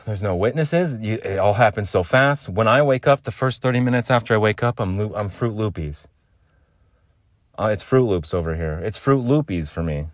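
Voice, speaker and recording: A man's voice: fairly low pitch, lively intonation, moderate pace, no echo, studio quality. A man hosting a solo podcast, ranting emphatically and swearing freely. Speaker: podcast host.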